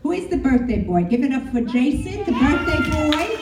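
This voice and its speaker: A woman's voice: high voice, very animated, normal speed, a little mellow, a faint crowd, slight background noise. A middle-aged woman doing a brash, crude stand-up comedy set. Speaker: stand-up comic. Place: comedy club. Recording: echoey club from a distance. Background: audience laughing.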